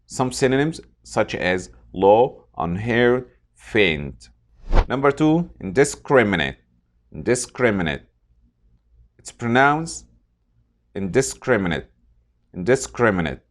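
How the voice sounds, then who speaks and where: A man teaching English vocabulary, saying each word slowly and repeating it for pronunciation. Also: fairly low pitch, very animated. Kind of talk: scripted vocabulary lesson.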